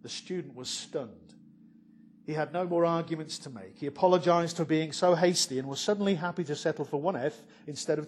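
A man preaching a sermon who asks the congregation rhetorical questions and builds from quiet asides to emphatic points. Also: fairly high pitch, slight background noise.

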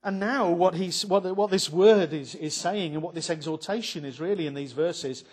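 A man's voice: on the high side, normal speed, husky. A man preaching an evening sermon on a psalm, earnest and building to fervent emphasis, with many restarts.

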